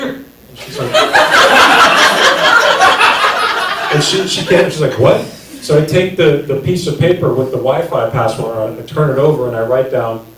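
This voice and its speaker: Man doing stand-up, excitable, lively swooping voice, slightly high, echoey theater, mic at a distance, audience noise. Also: normal speed. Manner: excitable, acts out his own reactions. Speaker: stand-up comic. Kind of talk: stand-up storytelling set. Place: comedy theater stage.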